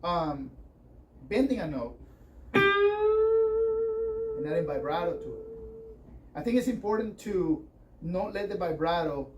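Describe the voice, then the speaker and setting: A man's voice: on the high side, lively intonation, measured pace, long pauses. A man teaching a guitar workshop, talking in a rambling, conversational way with many fillers. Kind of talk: workshop lesson with playing demonstrations. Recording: distant mic with faint noise.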